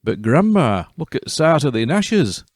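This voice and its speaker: A man's voice: mid-range voice, sing-song, a little slow, dry recording, studio quality, voice pushed up. A man with a Yorkshire accent voicing a blunt, cheeky young girl in a storybook. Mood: puzzled. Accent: West Riding Yorkshire.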